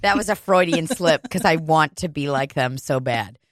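A woman's voice: sits low, normal speed, no room sound, clean studio sound. A woman in casual chat, rambling and joking crudely, laughing often.

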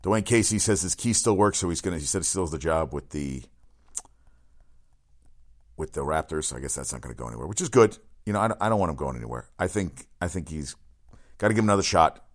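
Very deep-voiced and fast, a man runs a solo sports podcast. His talk is rambling and excitable, full of crude asides and frequent self-corrections.

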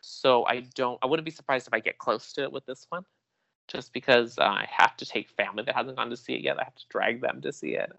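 A man who is a podcast guest in casual chat, excitable and rambling with frequent restarts. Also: medium pitch, a little fast, vocal fry, dull audio.

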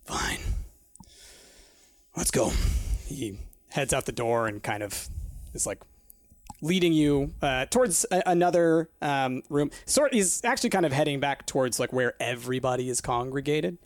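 A man's voice: mid-range voice, normal speed, dry recording. A man narrating a tabletop game as game master, casual with many fillers.

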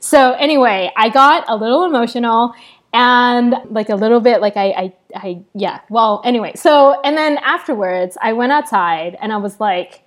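A woman's voice: fairly high pitch, normal speed. A young woman artist chatting casually in an interview, rambling with many fillers and restarts. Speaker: prize-winning artist guest.

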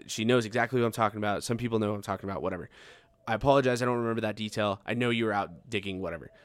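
A man's voice: fairly low pitch, rapid-fire, smooth, no room sound. A young man telling a long story in casual podcast chat, swearing freely and acting out how he reacted back then. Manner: swears often, acts out his own past reactions.

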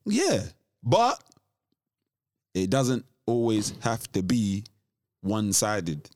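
Guy on a podcast, animated, restarts a lot, bouncy pitch, dry close mic. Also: very slow, dry recording. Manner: animated, restarts often, laughs between points. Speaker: podcast co-host. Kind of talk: casual chat.

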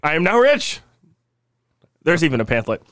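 Male podcast co-host, deadpan teaser, lively pitch. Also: normal speed, no room sound, studio quality. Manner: teasing, mock-serious, deadpan delivery of absurd claims. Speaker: podcast co-host presenting conspiracy theories. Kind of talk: casual comedic podcast chat.

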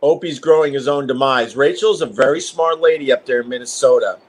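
A man's voice: mid-range voice, brisk. A middle-aged man, a radio host on a live stream from home, rambling and profane in casual chat.

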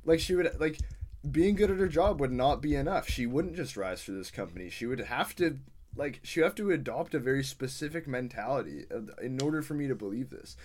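Man, podcast co-host, casual film chat, lively pitch swings, animated. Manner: animated, agreeable, quick to chime in.

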